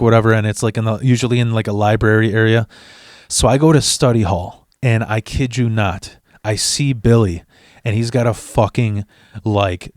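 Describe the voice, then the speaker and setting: A podcast host with a lowish, somewhat dark male voice tells a casual story in a heated, foul-mouthed way, stumbling over restarts. It's recorded on a studio mic with clean, studio-quality sound and no room echo.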